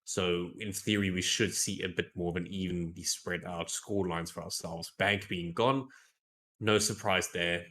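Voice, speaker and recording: Male esports caster, lowish voice, chatty and playful, a bit tired, stumbles and restarts sentences. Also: steady tone, moderate pace, fairly bright tone. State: tired, yawning. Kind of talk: live esports commentary.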